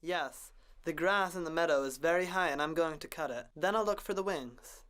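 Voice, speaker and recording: A woman's voice: low voice, fairly quick, crowd noise, close to an everyday voice. A woman voicing a kind, dutiful young village man in a cartoon, earnest and polite.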